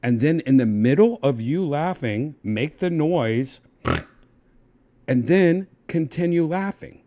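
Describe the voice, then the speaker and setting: A man's voice: on the high side, expressive, slow pace, dark tone. A man streaming casually, mocking and swearing at an AI assistant in an exasperated way. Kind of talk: casual livestream chat.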